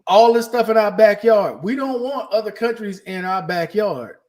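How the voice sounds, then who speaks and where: A man's voice: high voice, a little mellow. A man hosting a casual podcast, talking bluntly and saltily. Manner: blunt, salty, fast-talking. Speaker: podcast host.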